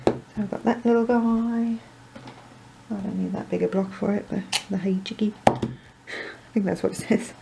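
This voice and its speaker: A woman's voice: medium pitch, fairly even intonation, normal speed, creaky, pauses often, noisy background. A woman chatting her way through a card-making tutorial, rambling with self-deprecating asides and muttering to herself. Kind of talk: crafting tutorial chat.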